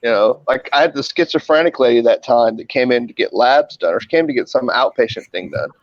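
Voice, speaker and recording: A man's voice: mid-range voice, a little fast, no echo, lo-fi sound. A man who works in a hospital emergency room, telling stories in a casual group chat, swearing freely and acting out the people in them. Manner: animated, swearing, acts out voices in his stories.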